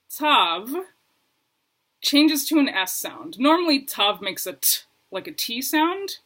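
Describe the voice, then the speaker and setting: A woman's voice: medium pitch, a bit bright. A woman teaching a casual video lesson, chatty and self-deprecating, laughing often. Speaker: Hebrew teacher. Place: lived in Brooklyn.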